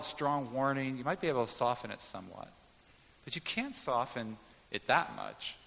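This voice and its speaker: A man's voice: mid-range voice, gravelly, pushed and bright, in a large hall. A man preaching a sermon, teaching in an emphatic way and explaining Greek words to the congregation. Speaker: pastor.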